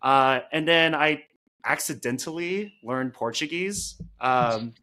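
A young man hosting a casual podcast chat, relaxed, with many fillers and laughs between thoughts. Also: medium pitch, slow. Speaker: podcast host.

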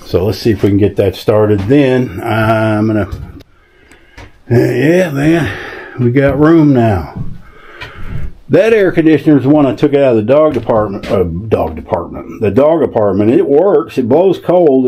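A man's voice: medium pitch, a little slow, mellow, slightly rough. Easygoing man vlogging outdoors. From American South. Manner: easygoing, folksy, talks to animals. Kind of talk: casual vlog narration. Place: outdoors on a rural property.

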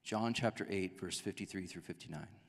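A man preaching a sermon as a pastor, in a conversational, animated way that acts out quotes. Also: sits low, brisk, in a large hall. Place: church sanctuary.

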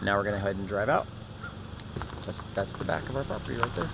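A man's voice: fairly low pitch, quick pace, vocal fry. Man narrating from a noisy car. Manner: rambling, pointing things out, giving directions. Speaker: vlogger showing his land. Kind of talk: casual narration while riding in a car. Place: inside a moving car. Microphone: handheld phone camera. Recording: distant muffled voice under loud wind and road noise.

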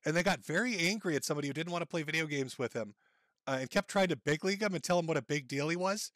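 A man's voice: fairly high pitch, quick pace, a bit bright, no echo. A man hosting a stream, mocking and ridiculing the person in the clips he plays. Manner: sneering, ridiculing, laughs at clips.

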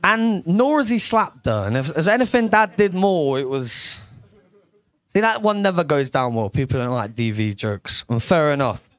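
Young man, stand-up comic, brash and sweary, higher-pitched voice, dry close sound. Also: big pitch swings, moderate pace, fairly bright tone, no echo. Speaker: stand-up comedian. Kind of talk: stand-up comedy set. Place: comedy club stage.

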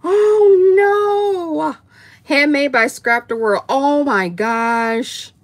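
A woman with excitedly unboxing gifts on a livestream, gushing, gasping and laughing often. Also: a little high, takes it slowly. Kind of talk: excited live unboxing chat.

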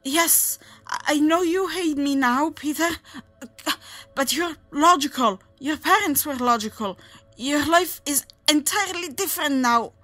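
A woman voicing a wounded male demon who begs desperately for his life in a high, loud voice. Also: measured pace. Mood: desperate pleading. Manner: high, loud, frantic begging.

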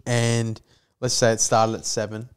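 A man's voice: lowish voice, completely flat delivery, a little slow, clean tone. A young man co-hosting a podcast, telling a story in casual chat, swearing freely and acting out quotes. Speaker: podcast co-host.

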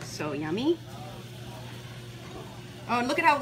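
A woman's voice: a little high, moderate pace. A woman hosting a casual cooking video, talking to the camera in a bubbly, playful, chatty way while she cooks in a kitchen. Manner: bubbly, playful and chatty, with sing-song asides. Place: kitchen at a retreat center. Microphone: handheld camera or phone. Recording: noisy ambient background.

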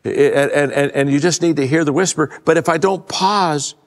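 An older man giving a conversational leadership talk to a live audience, a folksy storyteller who restarts his sentences often and drops his voice low to stress a point. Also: normal speed. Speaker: leadership speaker. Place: large event hall. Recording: long hall reverb.

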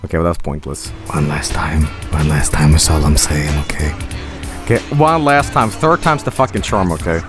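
A man streaming a video game, rambling and swearing in animated, casual commentary. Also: a bass voice, moderate pace, music in the background. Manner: rambling, profane, animated, jumps to silly voices.

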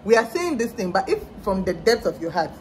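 A woman's voice: medium pitch, very animated, fairly quick, slight background noise. A young woman, chatting animatedly on a vlog with a friend, exclaiming with mock exasperation. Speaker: vlogger. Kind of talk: casual chat.

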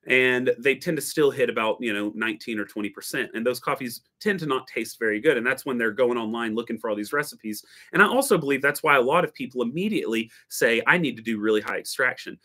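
A man's voice: mid-range voice, pushed and bright. A man hosting a late-night livestream about coffee, talking in a rambling, restless way with many self-corrections and joking asides. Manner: jokey, breaks into mock dialogue. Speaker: coffee educator hosting a stream.

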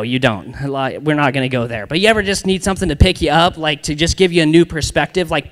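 A young man preaches to a youth group in a relaxed, chatty way, dropping slangy asides as he goes. His voice sits a little high for a man. The sound carries the long reverb of a church hall. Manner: casual and conversational, slangy asides. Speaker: youth pastor.

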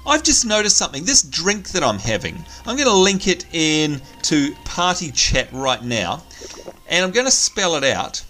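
A man hosts a let's play in a bright, lively voice that swoops up and down. He chats and jokes freely as he plays, with faint music under him. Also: fairly high pitch, normal speed. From Australia. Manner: chatty, jokey, thinks aloud. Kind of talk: casual gameplay commentary.

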